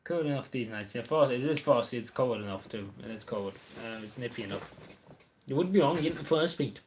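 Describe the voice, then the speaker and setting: A man's voice: mid-range voice, expressive, brisk, darkish tone, slight background noise. An Irish man chatting casually on a livestream, answering viewers' messages in a rambling, hesitant way with lots of ums and restarts.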